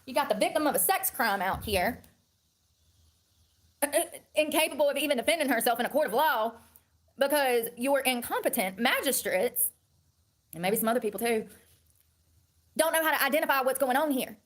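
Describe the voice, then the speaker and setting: A woman in her thirties delivers a heated monologue to camera, talking quickly in a slightly high voice. She swears freely and circles back over the same points. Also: expressive. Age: 30s. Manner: heated, profane, repetitive ranting. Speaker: online personality.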